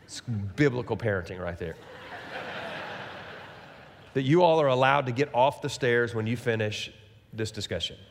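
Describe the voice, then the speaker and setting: A man's voice: medium pitch, normal speed, creaky, pauses often, a little hiss or hum. A middle-aged man preaching a sermon as pastor, talking conversationally and tossing rhetorical questions and asides at the congregation. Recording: long reverb of a large hall.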